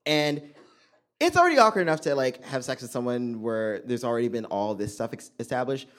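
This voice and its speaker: A young man telling a stand-up story on a club stage, swinging between loud punchlines and muttered asides. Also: medium pitch, big pitch swings, fairly quick. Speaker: stand-up comedian.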